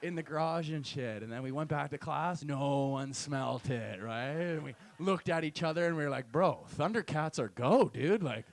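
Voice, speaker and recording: A man's voice: fairly high pitch, normal speed, gravelly, few pauses. A young adult man doing a stand-up set and hosting a comedy night, telling a loose, profane story full of "right?" tags. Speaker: stand-up comic and show host. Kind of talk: stand-up set with crowd work. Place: comedy night venue with live audience.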